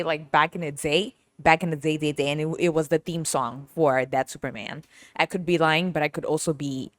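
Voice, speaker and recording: A woman hosting her own podcast, telling a story in a chatty, animated way with lots of asides. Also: low voice, no echo. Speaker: podcast host. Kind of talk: casual storytelling monologue.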